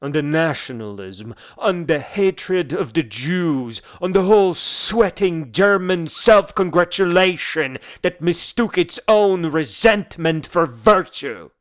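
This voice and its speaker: A man's voice: fairly high pitch, animated. A man voicing a scornful dying philosopher. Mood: bitter scorn. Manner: slow, measured, bitterly scornful declamation. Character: embittered dying male philosopher, proud and scornful. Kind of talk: dramatic monologue, a letter read aloud.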